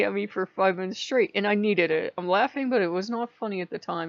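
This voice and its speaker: A woman's voice: mid-range voice, fairly quick, creaky, few pauses, no room sound, highs cut off. A woman hosting her own vlog, talking casually and laughing often as she animatedly retells conversations. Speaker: channel host. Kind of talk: casual spiritual vlog talk.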